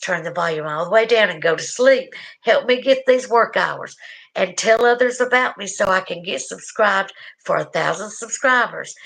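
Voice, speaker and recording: A woman's voice: mid-range voice, creaky, fairly bright tone, rough recording. A middle-aged woman with an Alabama Southern accent, hosting a casual livestream and talking affectionately to viewers in chat with folksy, drawling phrases. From Southern United States. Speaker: livestream host.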